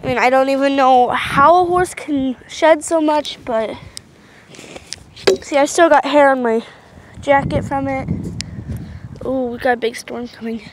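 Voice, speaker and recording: Pausing often and speaking a little slowly, a young woman with a high voice vlogs casually while doing chores at a horse pasture. She rambles, chats, and coos sweetly to her horses on a handheld camera in a noisy outdoor recording.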